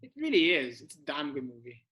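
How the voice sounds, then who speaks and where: A man's voice: a little high, big pitch swings, a little fast, bright, forceful tone. A young man co-hosting a podcast, chatting casually and often repeating words as he starts a thought. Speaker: podcast co-host. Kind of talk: casual chat.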